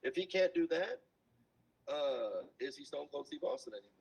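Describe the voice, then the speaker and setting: A man talking as a podcast guest in a casual storytelling chat, animated and acting out quotes in different voices. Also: a little high, normal speed, creaky, breathy edge. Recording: dull lo-fi sound.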